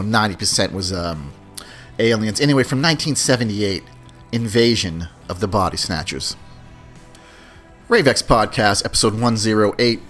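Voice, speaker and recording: A man's voice: lowish voice, a bit bright. A man hosting a podcast in a casual, rambling monologue, chatty and loose, often tossing in "man" and "you know". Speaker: podcast host.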